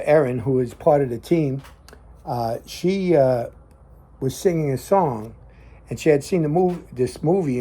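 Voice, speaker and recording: Mellow husky man telling a story. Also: medium pitch. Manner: rambling storytelling with many fillers. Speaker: host. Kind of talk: casual chat. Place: garage.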